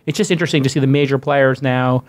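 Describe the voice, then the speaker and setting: A man hosting a tech news roundtable, upbeat and quick with short interjections. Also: medium pitch, steady tone, no room sound. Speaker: host. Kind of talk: casual roundtable chat.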